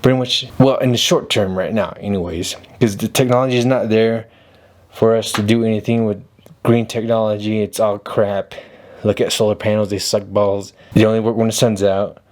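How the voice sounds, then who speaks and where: A man's voice: on the low side, level tone, moderate pace, a little mellow. A man hosting a casual commentary vlog, talking bluntly and rambling, repeating himself. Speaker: video host.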